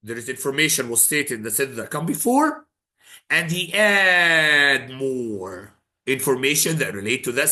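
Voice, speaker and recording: A man's voice: fairly high pitch, sharp tone. A man teaching an exam prep lesson in English, dropping Arabic phrases in and repeating his key points for emphasis.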